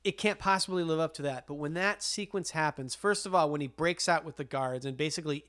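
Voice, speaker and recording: A man's voice: on the high side, brisk, a bit bright. A man co-hosting a casual film podcast, telling stories with eager enthusiasm and lots of fillers and restarts. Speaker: podcast co-host.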